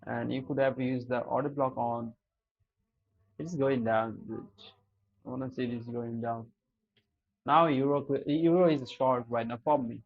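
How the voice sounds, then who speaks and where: A man's voice: mid-range voice, fairly even intonation, a little slow, vocal fry, pauses often, muffled recording. A man streaming live trades, smoking a cigarette while talking to his chat in an exasperated, heavily cursing way. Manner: exasperated, heavy cursing, talks to chat as "dude" and "bro".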